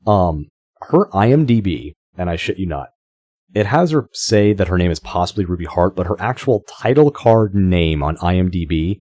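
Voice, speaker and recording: Low-voiced guy rambling on a podcast, swears a lot, dry close sound. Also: lively intonation, normal speed, dark tone, no room sound. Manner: chatty, swears casually, stumbles and restarts. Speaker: podcast co-host. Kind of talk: casual podcast chat.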